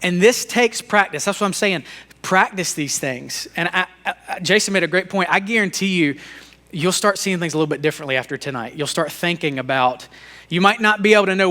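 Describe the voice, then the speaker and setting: Man in his thirties, bright and forward tone, casual live teacher who acts out little family scenes. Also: on the high side, fairly quick. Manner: conversational, acts out talks with his young son. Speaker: speaker at a church leadership talk. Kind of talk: live teaching talk to an audience.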